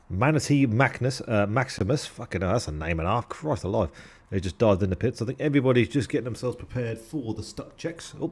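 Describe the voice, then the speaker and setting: A man's voice: mid-range voice, a little mellow, husky. A young man commentating a sim race on a live stream, chatty and jokey, with casual swearing and thanks to subscribers.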